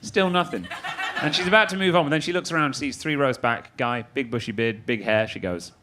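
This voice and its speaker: Mancunian guy, 30s, sardonic stand-up, talking to the crowd, loud laughing audience all over it. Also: medium pitch, fairly even intonation, fast, very noisy. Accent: Mancunian English. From Manchester, England. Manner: dry, sardonic, chatting with the audience. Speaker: stand-up comedian. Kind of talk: stand-up set with crowd work. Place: comedy club stage. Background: loud audience laughter and applause.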